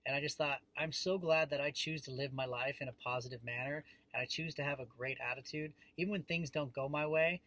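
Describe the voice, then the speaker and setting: A man in his thirties hosting a casual vlog from his parked car, telling a story with an animated delivery and frequent fillers. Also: fairly high pitch, a little fast, hardly any pauses, poor audio. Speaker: vlog host.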